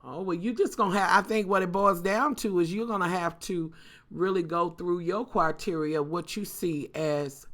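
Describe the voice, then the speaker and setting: A woman's voice: fairly low pitch, moderate pace, fairly bright tone. A woman vlogger telling a story casually and talking straight to her viewers, cursing freely and with lots of animation.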